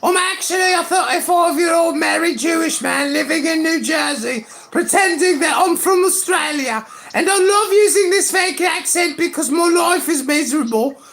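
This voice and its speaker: A man voicing a loud, shrill Australian woman from Sydney who shouts and laughs through a mock ad. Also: moderate pace, gravelly, long pauses, heavily acted. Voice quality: shouting, laughing, sing-song.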